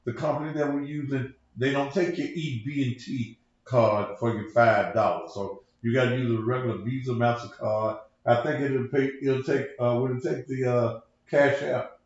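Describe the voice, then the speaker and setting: A man's voice: mid-range voice, steady tone, normal speed. Male pastor-host, loose profane preacher delivery, very echoey lo-fi recording. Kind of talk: casual livestream talk. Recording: echoey room, dull lo-fi sound.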